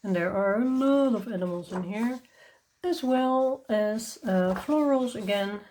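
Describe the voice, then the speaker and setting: A woman speaks at an unhurried, leisurely pace, presenting coloring books to her viewers. Her talk is casual and enthusiastic, with frequent ums and small laughs between thoughts. She sounds a little tired. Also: on the high side, darkish tone, a little hiss or hum. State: tired and yawning. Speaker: coloring channel host. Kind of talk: casual show-and-tell review.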